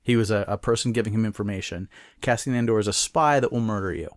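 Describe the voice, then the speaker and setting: A man's voice: on the low side, quick pace, no room sound. Guy rambling thru a movie review on a podcast, dry sound. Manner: rambling, restarts and retells plot. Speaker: podcast co-host. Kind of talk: casual movie review chat.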